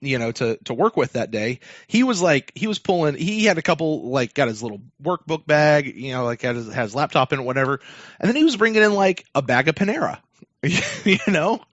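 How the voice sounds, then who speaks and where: A man's voice: fairly high pitch, big pitch swings, brisk, a bit bright, no echo. A man hosting a sports podcast, telling a long story in a rambling casual way, full of fillers and restarts. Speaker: podcast host. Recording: dull lo-fi dry sound.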